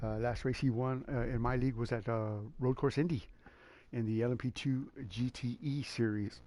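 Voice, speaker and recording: A man hosting a sim racing league stream, chatting casually and excitably in a rambling way, calling everyone man and dude. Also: medium pitch, normal speed, a little hiss or hum. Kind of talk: casual live-stream race commentary.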